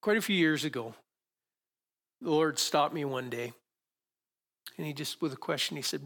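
Speaking at a moderate pace with long pauses, this pastor has a fairly high, slightly bright voice. He preaches conversationally from a church stage, frequently restarting sentences while guiding volunteers through a live demonstration in front of the congregation.

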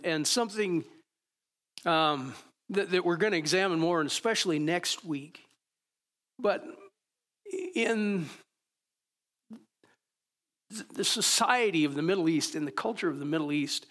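A man's voice: on the high side, fairly bright tone. A man preaching a sermon as pastor, in a conversational way with rhetorical questions.

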